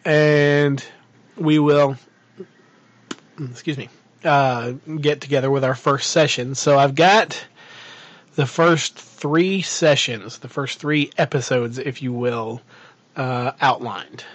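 A man's voice: medium pitch, steady tone, slow. A man co-hosting a casual podcast chat, rambling with many fillers and restarts as he plans a tabletop game. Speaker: podcast co-host and game master.

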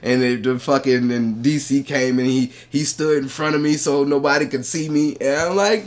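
A man co-hosting a podcast tells a story casually and with a lot of swearing. He is animated and jumps up into a high voice when he acts out what people said. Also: moderate pace, hardly any pauses. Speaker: podcast co-host and stand-up comic.

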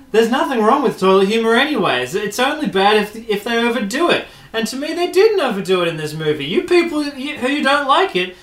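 A man's voice: a bit bright, heavily acted. Huffy, defensive male online reviewer, done by a man in a put-on voice; whiny and scolding, roomy sound. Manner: whiny, scolding, high-pitched.

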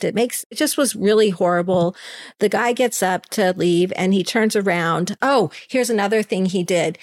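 A woman co-hosting a podcast, telling a story in casual chat and quoting the people in it with animated voices. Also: mid-range voice. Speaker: podcast co-host.

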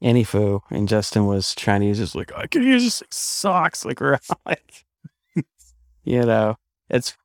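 Animated, emphatic male podcast host. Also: mid-range voice, dry recording, clean studio sound. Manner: emphatic, animated storytelling with frequent restarts. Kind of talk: casual chat.

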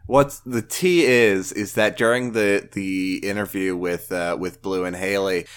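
A man co-hosting a casual podcast, talking in halting bursts and restarting his sentences often. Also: deep voice, steady tone, smooth. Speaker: podcast co-host.

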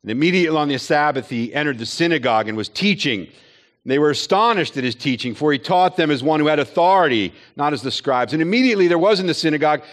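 A man's voice: on the high side, expressive, fast talker. Earnest man preaching a sermon. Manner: earnest, rhetorical questions, acts out quoted voices. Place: chapel or hall with an audience.

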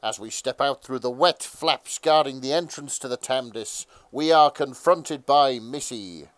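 A man narrating a comic fan fiction reading as host, mostly deadpan with bursts of laughter. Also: mid-range voice, measured pace, no room sound.

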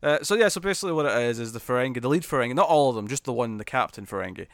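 A man's voice: mid-range voice, lively intonation, rapid-fire, dry recording, clean studio sound. A man chatting casually as a podcast co-host, laughing and acting out characters' lines as he recaps an episode.

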